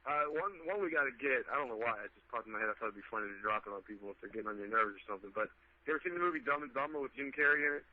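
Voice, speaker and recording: Fast, animated, profane radio co-host man. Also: medium pitch. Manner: profane, quick comebacks. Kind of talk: casual profane banter. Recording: dull lo-fi audio with faint hiss.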